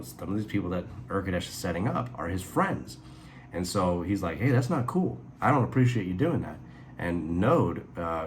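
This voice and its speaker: A man giving a casual spoken review, retelling a story in a rambling, animated way with quick asides. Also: sits low, slight background noise. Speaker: reviewer and author.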